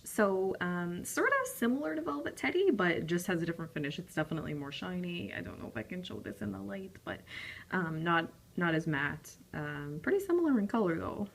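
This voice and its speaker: A young woman casually reviewing lipstick swatches, chatty and rambling, with frequent ums and apologies. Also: fairly low pitch. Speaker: beauty vlogger.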